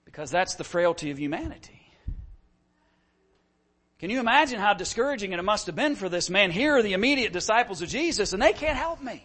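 A man's voice: sits high, big pitch swings, fairly quick, fairly bright tone. A middle-aged man preaching a sermon as pastor, impassioned and full of rhetorical questions.

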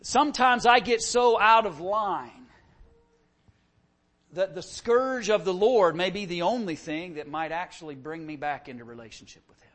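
High-voiced man preaching with passion. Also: animated, normal speed, a bit bright. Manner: impassioned preaching with rhetorical questions. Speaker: pastor. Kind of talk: sermon.

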